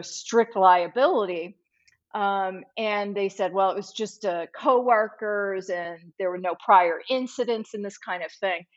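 A woman lawyer recounts a case in a slow, deliberate way. She leans into the story and acts out the lines of the people in it. The recording sounds dull and lo-fi. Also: mid-range voice. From Los Angeles-based. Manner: vivid retelling, acts out quoted speech. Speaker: trial lawyer, podcast guest. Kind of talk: storytelling in conversation. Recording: dull lo-fi audio.

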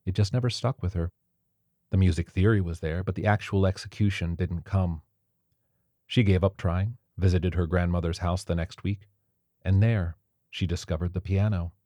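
Very deep-voiced male narrator. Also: no echo. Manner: steady, measured storytelling. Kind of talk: audiobook narration.

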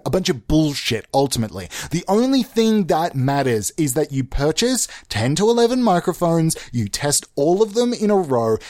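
Comedy podcast host, male, mock-grandiose deadpan, bouncy intonation, dry close mic. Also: no room sound. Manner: mock-pompous, lurching between mumbled lows and loud outbursts.

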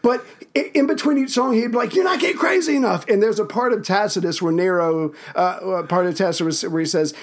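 A man co-hosting a casual chat, joking, swearing and bursting into silly voices. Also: high-pitched. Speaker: podcast co-host.

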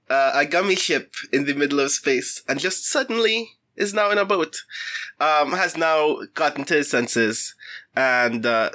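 A man's voice: medium pitch, sharp tone. A man playing a tabletop game, thoughtful and explanatory. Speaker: player. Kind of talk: casual tabletop play.

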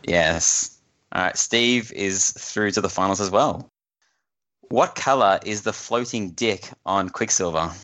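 A man's voice: sits low, slow pace, pushed and bright. A man hosting a casual quiz on a podcast, often laughing as he reads the questions. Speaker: quiz host.

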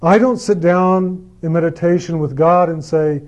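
A man giving a gentle, repetitive spiritual talk about meditation and enthusiasm. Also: a little high, fairly even intonation, moderate pace. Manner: gentle, repetitive, acts out quoted lines with mock enthusiasm. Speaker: spiritual speaker.

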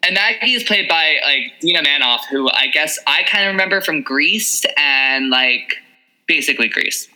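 A young woman co-hosting a podcast in casual chat, animated and quick to laugh, full of filler words. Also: low-pitched, poor audio. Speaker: podcast co-host.

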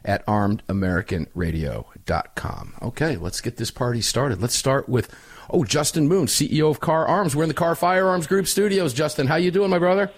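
A man hosting a talk radio roundtable, energetic and emphatic with a folksy way of talking. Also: a little high, normal speed. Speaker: radio show host.

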